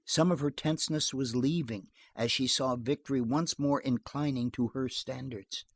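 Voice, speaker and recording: An audiobook narrator reading a western novel aloud in an expressive storytelling manner. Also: medium pitch, normal speed, dry recording.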